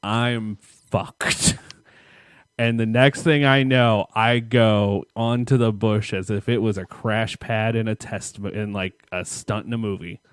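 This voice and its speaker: A man co-hosting a podcast, telling a story in a casual, animated way and acting out his own thoughts. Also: lowish voice, measured pace, smooth, no room sound, clean studio sound. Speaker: podcast co-host.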